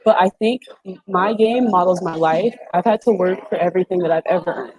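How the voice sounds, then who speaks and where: A woman's voice: fairly low pitch, fairly quick, darkish tone, poor audio. A woman in her twenties, a guest on a video call interview, talking in an emphatic, slangy, casual way. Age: 20s. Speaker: guest, former reality show contestant.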